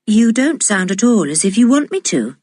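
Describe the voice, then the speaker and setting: A middle-aged mother, gently reproachful, in a lively and breathy voice, as a woman reads her. The sound is dry and close. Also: mid-range voice, moderate pace, no room sound. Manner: mildly reproachful.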